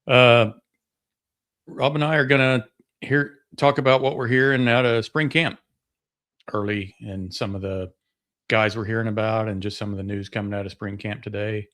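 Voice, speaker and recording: A man co-hosts a sports podcast in a relaxed, rambling way with lots of fillers. His voice sits somewhat low. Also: moderate pace. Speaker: podcast co-host. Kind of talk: casual sports chat.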